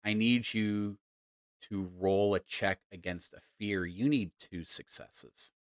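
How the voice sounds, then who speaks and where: A man narrating a tabletop role-playing game as game master, in a deliberate, halting way. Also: lowish voice, clean tone, no echo, clean studio sound.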